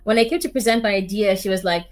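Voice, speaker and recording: A woman hosting a podcast conversation, telling stories in a lively way and acting out what people said. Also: medium pitch, quick pace. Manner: animated storyteller who acts out quoted lines. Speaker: podcast host.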